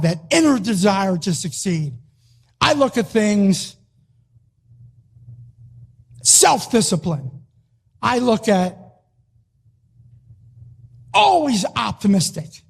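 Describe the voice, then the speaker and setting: A man delivers a rousing motivational talk, his voice pitched high for a man. He hammers short phrases again and again like a wrestling coach pushing his team. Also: gravelly, breathy edge. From Philadelphia, US. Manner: emphatic, punchy, repeats short phrases. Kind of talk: motivational speech.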